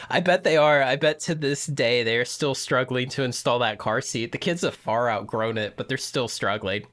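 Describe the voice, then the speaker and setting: A man's voice: medium pitch, a little slow, fairly bright tone. Man rambling through a story. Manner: rambling anecdote with frequent "you know" and restarts. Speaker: podcast co-host telling a story. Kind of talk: casual chat.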